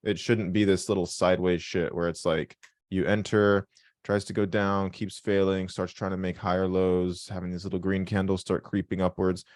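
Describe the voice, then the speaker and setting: A man hosting a live trading call, with a very low voice. He talks bluntly, cracks jokes and swears casually. The recording is dry and close. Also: flat delivery, normal speed, a little mellow, dry recording. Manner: blunt, joking, swears freely.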